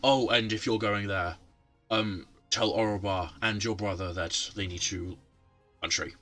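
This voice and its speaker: A man's voice: fairly low pitch, steady tone, unhurried, fairly bright tone, soft background music. A man voicing a secretive guild leader in a tabletop game, stumbling over his words. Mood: stern.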